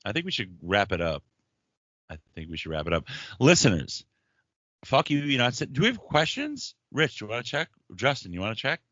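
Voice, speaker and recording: A man hosting a podcast, telling stories in crude, profane, animated banter. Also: mid-range voice, a little fast, no echo, dull audio. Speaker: podcast host.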